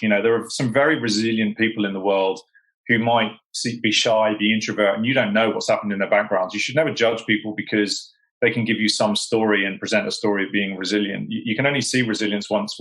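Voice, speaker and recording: A man's voice: on the low side, fairly bright tone, low-quality recording. A British man speaking as a sales executive guest in a casual chat, emphatic and full of "you know" fillers. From United Kingdom.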